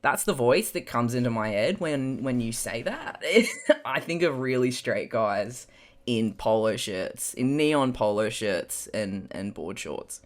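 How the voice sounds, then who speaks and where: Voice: mid-range voice, lively intonation, slow. Mild-accented young Australian streamer. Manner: rambling, laughs often, swears casually. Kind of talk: casual chat while drawing on stream.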